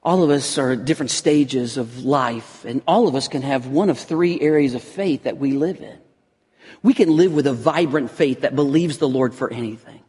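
A man's voice: mid-range voice, moderate pace, darkish tone, slightly rough. A man preaching a sermon as a pastor, earnest and building to intense emphasis, with frequent restarts. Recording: long reverb of a hall.

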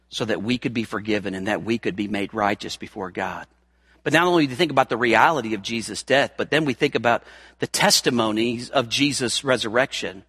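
A man in his fifties delivers a sermon from the pulpit. His voice sits a little high and rings bright. He moves from near-whispered intimacy to raised, pressing emphasis. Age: 50s. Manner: dynamic preaching, swinging from hushed to raised. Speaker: pastor.

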